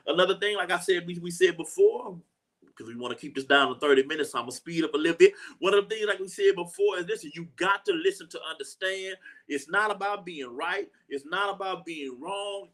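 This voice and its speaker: A man's voice: high voice, fairly bright tone. Earnest man hosting a live talk. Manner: earnest, repeats lines for emphasis, acts out quoted voices; frequent "you know what I'm saying". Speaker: host.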